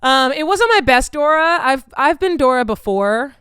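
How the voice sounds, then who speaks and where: A woman's voice: high voice, lively intonation, normal speed, fairly bright tone, dry recording, clean studio sound. A young woman, telling stories in a casual vlog chat, candid and swearing freely, with lots of filler "like". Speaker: vlogger.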